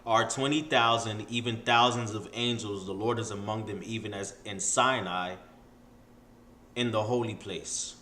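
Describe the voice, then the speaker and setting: A man's voice: lowish voice, steady tone, pushed and bright, a little hiss or hum. Blunt man in an echoey room. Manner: blunt, coarse, quick cross-references. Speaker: scripture study partner. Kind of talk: casual scripture study.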